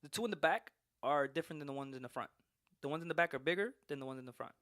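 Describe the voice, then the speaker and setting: A man's voice: a little high, rapid-fire, no echo, clean studio sound. A man hosting a podcast, telling a long story in casual, profane chat and laughing as he goes. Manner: animated, profane, laughs through his story. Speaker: podcast host.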